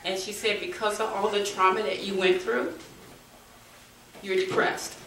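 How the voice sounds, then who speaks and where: A middle-aged woman giving heartfelt public testimony at a community forum, speaking earnestly and haltingly, at times turning forceful. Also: mid-range voice, little pitch movement. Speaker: bereaved mother speaking at a forum. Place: community meeting room. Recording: echoey room, from far off, faint noise.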